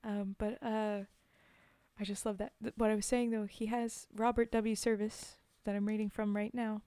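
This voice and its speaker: A woman's voice: mid-range voice, little pitch movement, moderate pace, mellow, smooth, dry recording. Woman, streamer, casual chat, giggly asides, dry sound. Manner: chatty, giggly asides, many ums. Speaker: streamer reading poetry. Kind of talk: casual chat between poems.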